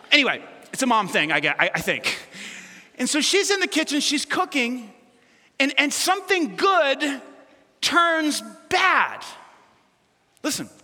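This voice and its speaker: A man's voice: very high voice, pushed and bright. A male pastor giving a sermon in a conversational, playful way, with asides and self-corrections. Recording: long reverb of a large hall.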